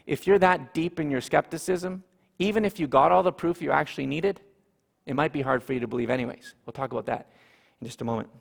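A man preaching a sermon, animated, with dramatic pauses and repeated phrases. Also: a little high, gravelly, big-room sound. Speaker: pastor.

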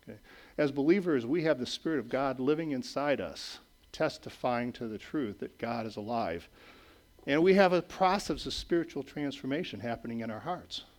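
A middle-aged man preaching a sermon in a conversational way, checking in with "okay?" and "right?" and moving between raised emphatic lines and quiet low asides. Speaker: pastor.

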